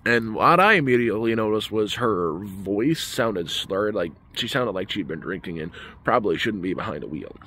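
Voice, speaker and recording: Low-pitched guy ranting into his camera, voice jumps all over, faint hum behind. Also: lively intonation, normal speed, pushed and bright. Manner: ranting, emphatic. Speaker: vlogger. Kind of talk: casual storytelling rant.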